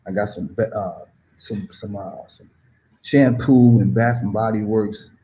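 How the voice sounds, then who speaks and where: A man from the United States, a guest telling a story in a casual, animated, slang-heavy way, often saying "you know what I mean.". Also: lowish voice, a little slow, muffled recording.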